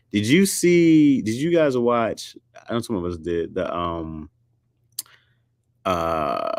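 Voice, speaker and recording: A man from the United States chatting casually and jokingly with his audience, often jumping into a high squeaky pitch for emphasis. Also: no echo, clean studio sound. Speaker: streamer host. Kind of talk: casual chat.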